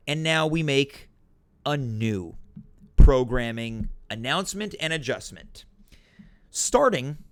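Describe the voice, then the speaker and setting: Man, talk show host, casual Q&A, animated, rambling, a bit high-pitched. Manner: animated, rambling, self-deprecating. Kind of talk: casual solo livestream Q&A. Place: home.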